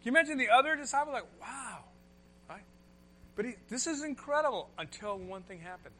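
A man preaching a sermon, moving between loud emphatic lines and soft hushed ones. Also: very high-pitched, lively intonation, a little fast, a little hiss or hum. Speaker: pastor.

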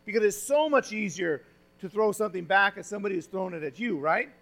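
Male preacher, high-pitched, punchy delivery with sudden hushed asides to the flock. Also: animated, fast, gravelly. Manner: emphatic, swings from loud exhortation to quiet confiding; says "friends" and asks the congregation questions. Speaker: pastor. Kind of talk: sermon.

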